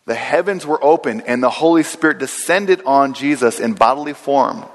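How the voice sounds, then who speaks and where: Male preacher, mid-range voice, earnest sermon delivery in a church with a long hall echo. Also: medium pitch. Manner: earnest preaching, slows down and repeats key phrases. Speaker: pastor. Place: church sanctuary.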